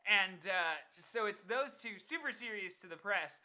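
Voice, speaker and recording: A man's voice: high voice, animated, unhurried, pushed and bright. A young man in his twenties co-hosting a casual chat show, rambling, laughing often and stopping to search for names. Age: 20s. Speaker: podcast co-host.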